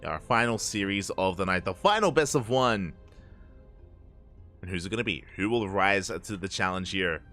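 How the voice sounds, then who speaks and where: Late at night, a tired esports caster calls a live game, his low, expressive voice a bit bright and slightly slurred at a normal pace. He's chatty and keeps firing off the same hype catchphrases over soft background music.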